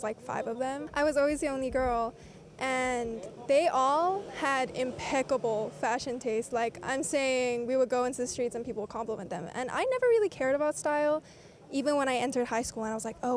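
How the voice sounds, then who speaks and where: A woman's voice: high-pitched, darkish tone. A young woman from South Africa with an American accent, chatting casually in a street interview and filling her talk with "like". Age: young adult. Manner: chatty, frequent "like" fillers, laughs while talking. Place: outdoors in a city.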